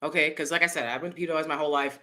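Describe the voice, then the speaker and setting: A woman hosting her own channel, talking in a casual, animated way, often checking in with "right?" and jumping into high mocking voices. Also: very fast. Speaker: commentary channel host. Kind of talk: casual opinion commentary.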